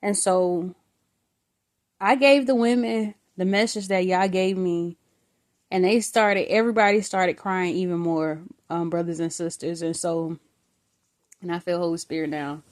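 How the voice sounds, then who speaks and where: A woman's voice: on the low side, steady tone, a little slow, a little mellow. A woman giving an earnest spoken testimony about a vision, talking conversationally with fillers and calling her viewers brothers and sisters. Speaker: faith vlogger recounting a vision.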